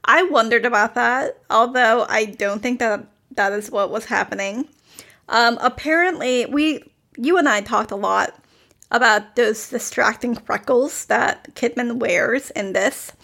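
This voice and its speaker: A woman talks in a relaxed, chatty way, dropping "like" between her thoughts. Her voice sits a little high and carries a lot of vocal fry. It sounds like an easygoing podcast conversation. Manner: chatty, many "like" fillers, quick laughs. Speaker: podcast co-host. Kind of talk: casual critical chat.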